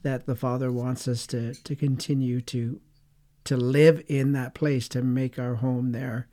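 A man's voice: medium pitch, flat delivery, a little slow, dark tone. A man co-hosting a faith webcast, talking reflectively and circling his thoughts with many fillers. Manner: meandering, many "you know" fillers. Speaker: webcast co-host.

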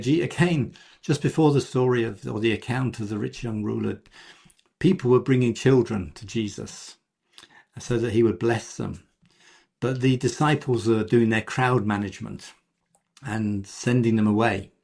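A man's voice: moderate pace, creaky, a little mellow. A man preaching a sermon in a conversational way, dropping into quoted voices as he tells the story. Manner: conversational, acts out quoted voices with pitch jumps.

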